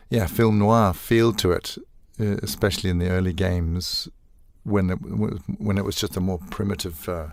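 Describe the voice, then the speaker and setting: An older man, a voice actor guest telling animated stories in a casual interview and acting out quoted lines. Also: low-pitched, gravelly, no echo, clean studio sound. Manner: animated storyteller, acts out quoted lines, laughs often.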